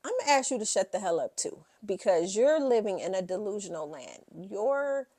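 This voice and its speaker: A woman's voice: medium pitch, big pitch swings, moderate pace, warm tone. A woman recapping a reality show in a brash, sassy way. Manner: brash and sassy, quoting the cast in bursts.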